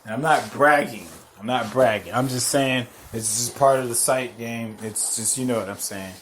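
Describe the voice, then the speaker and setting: A podcast host with a mid-range voice rants through a profane story at a moderate pace, swearing constantly, repeating phrases and getting loud and worked up. There's a little hiss or hum in the audio.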